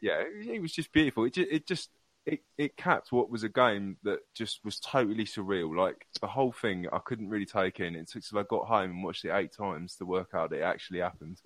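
A man's voice: on the low side, fairly quick, fairly bright tone, no room sound. A man chatting as a guest on a fan podcast, hesitant with many ums. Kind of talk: casual fan podcast chat.

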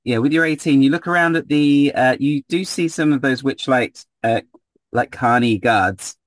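A man narrating a tabletop game as game master, relaxed and hesitant, filling pauses with ums. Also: medium pitch, no echo.

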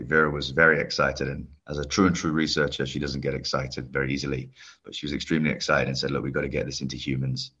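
A man's voice: very deep voice, bright, forceful tone, slightly rough. A man from the UK as a podcast guest, explaining his work with enthusiasm. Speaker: guest, longevity company head. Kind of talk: podcast interview. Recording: dull lo-fi sound.

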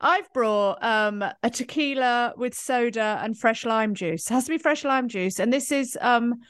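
A woman's voice: on the high side, unhurried, fairly bright tone, clean tone, dry recording, studio quality. A woman and comedian co-hosting a podcast, chatting casually with playful, teasing banter.

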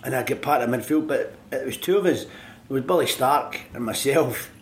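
An older Scottish man with a Glaswegian accent tells rambling anecdotes in an interview, laughing often and acting out the people he quotes. His voice sits at an ordinary pitch. The room sounds echoey, with a faint hiss behind him. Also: moderate pace. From Scotland. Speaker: guest, former footballer.

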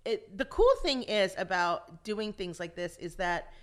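A lively woman guest tells her stories with animation in a relaxed interview. She speaks at a mid pitch. She brings the people in her stories to life as she tells them. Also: measured pace. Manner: animated storyteller, acts out quotes. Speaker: actress and voice actor, guest. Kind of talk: casual interview chat.

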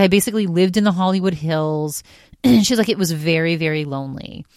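Low-voiced woman hosting a chatty podcast. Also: no room sound, clean studio sound. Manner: chatty retelling, constantly quoting others with "she's like". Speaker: podcast host. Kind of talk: casual solo podcast recap.

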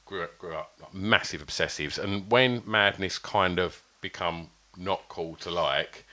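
A man's voice: deep voice, a little slow, sharp tone. A man telling a rambling anecdote in casual podcast chat, full of fillers and restarts. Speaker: podcast guest.

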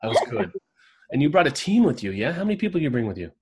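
An energetic man hosts an online roundtable over a video call. He talks in an upbeat, casual way and calls on members one by one by name. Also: a little high, fast, noisy background.

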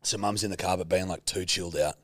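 A man's voice: sits low, steady tone, fast talker, fairly bright tone, no room sound. A young Australian man in casual podcast chat, telling a story in a laid-back way and swearing often. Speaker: podcast co-host.

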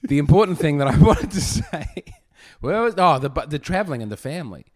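A man's voice: a little high, big pitch swings, fairly quick, darkish tone, a little hiss or hum. A man, hosting a comedy podcast and rambling playfully in casual chat. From Australia. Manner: rambling, jokey, daydreaming aloud.

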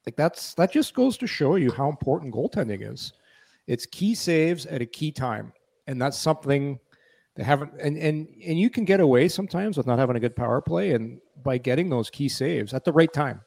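A male co-host with a slightly high voice. He teases his friends and spins lively hockey anecdotes in loose podcast banter. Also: normal speed, gravelly. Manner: ribbing, animated storyteller. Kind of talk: casual sports chat.

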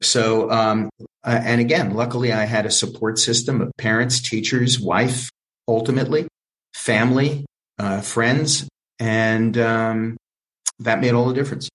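An older man recounts his career as an interview guest, lively and theatrical as he plays out the voices in his anecdotes. His voice sits at an ordinary middle pitch. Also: unhurried, poor audio. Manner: animated storyteller who acts out quoted voices. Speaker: interview guest, film producer. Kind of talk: storytelling in an interview.

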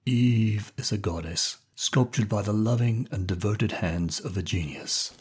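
A man voicing a pompous older male colonel who speaks in a lordly, drawn-out way, with a husky voice. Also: lowish voice, big pitch swings, exaggerated voice. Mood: hushed, adoring. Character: old male country colonel, pompous, fond of chuckling.

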